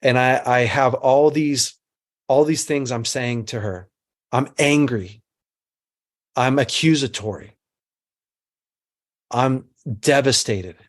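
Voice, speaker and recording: A man's voice: medium pitch, takes it slowly, long pauses. A middle-aged man giving an earnest teaching talk to a group, mixing instruction with a personal story and repeating phrases for emphasis.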